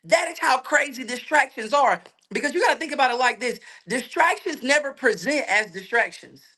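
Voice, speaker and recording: A man preaching a sermon in a colloquial, energetic way, asking rhetorical questions and repeating his points. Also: extremely high pitch, a little fast. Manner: colloquial, laughs between points.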